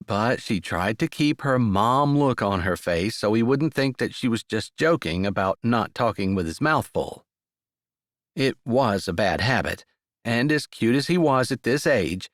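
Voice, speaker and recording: A man narrating a sweet romance audiobook in a scripted, expressive reading. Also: medium pitch, no room sound, clean studio sound.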